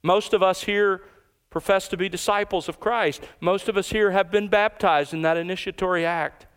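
A pastor preaching an emphatic expository sermon, slowing down to stress key words. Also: male voice, high-pitched, steady tone, fairly bright tone, smooth.

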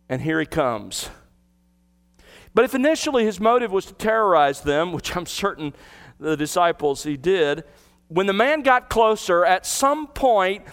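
A man's voice: high voice, clear, resonant tone. A man preaching an expository sermon, teaching earnestly, retelling the scene vividly and asking rhetorical questions. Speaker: pastor.

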